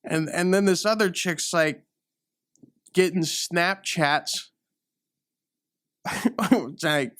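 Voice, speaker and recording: A man's voice: sits high, drawn-out words, pauses often, fairly bright tone, clear, resonant tone, no echo, studio quality. A young man hosting a comedy show, rambling through an improvised bit, acting out characters and laughing at his own jokes. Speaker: comedy podcast host.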